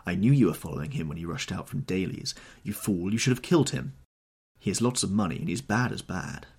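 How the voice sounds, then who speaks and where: A man's voice: low voice, expressive, fast, a little mellow, husky, heavily acted. A man voicing a haggard, bitter older woman from a drinking den, who hisses, sneers and whines her lines. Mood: hissing. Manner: hissing, sneering, whining.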